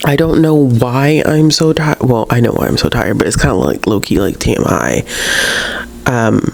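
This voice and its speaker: A woman book vlogger in a casual chatty vlog, tired and low on energy, rambling and correcting herself, slangy and talking straight to her viewers. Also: expressive, moderate pace, vocal fry, a little mellow, a little hiss or hum. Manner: rambling, self-correcting, laughs often.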